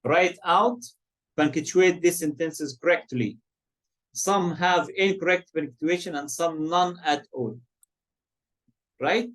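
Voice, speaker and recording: A man's voice: a little high, slow pace, long pauses, a bit bright. A man with an Arabic accent teaching an online English class, mixing in Arabic and quizzing his students. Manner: switches between English and Arabic, asks students questions.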